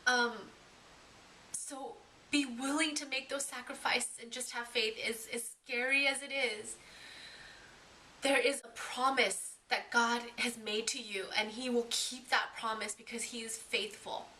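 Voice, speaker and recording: A woman's voice: fairly high pitch, fairly even intonation, unhurried, sharp tone, slight background noise. A young adult woman sharing her personal faith testimony in a heartfelt, earnest way, often restarting her sentences. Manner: earnest and emotional, with frequent restarts.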